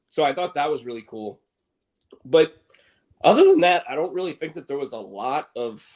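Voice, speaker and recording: A man's voice: medium pitch, a little mellow. Rambling man chatting casually. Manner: rambling, many restarts and quoted impressions. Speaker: podcast co-host. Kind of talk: casual chat.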